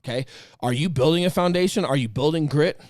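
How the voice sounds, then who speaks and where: Animated, profane American podcast host. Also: male voice, fairly high pitch, fast talker, dry recording, clean studio sound. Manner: animated, profane, acts out quoted friends. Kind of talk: casual chat.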